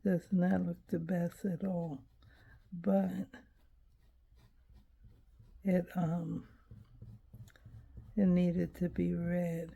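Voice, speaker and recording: A woman quietly talking herself through a coloring page, thinking aloud and often dropping to a whisper. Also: fairly low pitch, flat delivery, creaky, slightly rough. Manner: unhurried and hesitant, thinking aloud. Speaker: coloring video creator. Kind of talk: casual narration while coloring.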